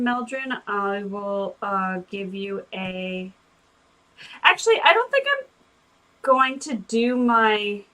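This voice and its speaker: A woman's voice: medium pitch, pushed and bright, low-quality recording. A woman playing in a tabletop game, thinking aloud in casual chat.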